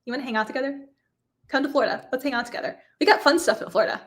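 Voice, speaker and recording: A woman's voice: high-pitched, rapid-fire, a bit bright. A woman in her thirties hosting a live craft stream, bubbly and chatty, laughing often and apologizing when she stumbles over names. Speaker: craft host. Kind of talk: live-stream giveaway chat.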